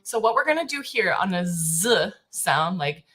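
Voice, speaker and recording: Chatty woman vocal coach, lively voice. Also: normal speed, loud music behind the voice. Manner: relaxed, chatty, thinks aloud with many fillers; breaks into high sung and hooted vocal exercises. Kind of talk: live-streamed singing warm-up.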